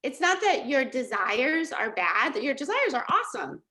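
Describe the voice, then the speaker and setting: A middle-aged woman coaching a group over a video call, with a bright, forceful voice set a little high. She talks with lively energy and keeps checking in with "okay?" and "right?" as she teaches. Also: moderate pace. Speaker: life coach. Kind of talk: live coaching session.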